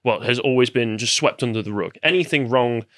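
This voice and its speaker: A man's voice: medium pitch, fairly quick, a bit bright, no room sound, clean studio sound. An English man hosting a casual podcast conversation, chiming in with wry, opinionated remarks. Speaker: podcast host.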